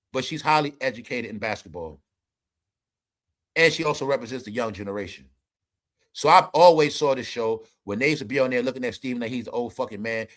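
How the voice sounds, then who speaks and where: A man's voice: mid-range voice, fairly bright tone. A man hosting an entertainment commentary show, ranting emphatically and profanely straight to his viewers. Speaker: commentary channel host.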